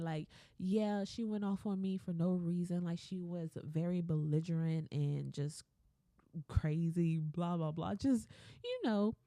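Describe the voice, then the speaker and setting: Gravelly dark-voiced woman ranting bluntly. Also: on the low side, dry recording. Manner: blunt, swearing, laughing, quotes people in mimicked voices. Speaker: podcast host. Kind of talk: ranting solo podcast.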